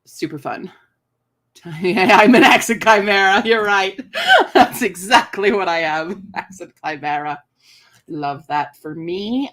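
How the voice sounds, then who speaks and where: A woman's voice: medium pitch, lively intonation, slow, fairly bright tone, a little hiss or hum. A woman live streaming from her apartment, chatting casually and playfully and slipping into joke accents. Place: home apartment, indoors.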